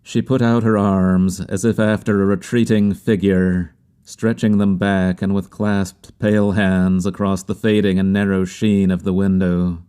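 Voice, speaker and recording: Slow deep-voiced male audiobook narrator. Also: flat delivery, mellow, clean tone. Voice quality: bass-baritone voice. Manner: slow, measured reading. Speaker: audiobook reader.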